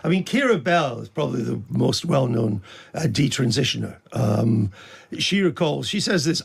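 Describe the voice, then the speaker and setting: A man's voice: mid-range voice, lively intonation, moderate pace, gravelly, husky. A man interviewing, asking probing, pointed questions.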